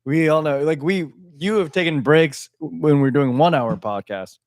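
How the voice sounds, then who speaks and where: A man's voice: a little high, moderate pace, a little mellow, no echo, studio quality. A man co-hosting a casual live-streamed podcast, joking and swearing freely while he has the hiccups. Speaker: podcast co-host.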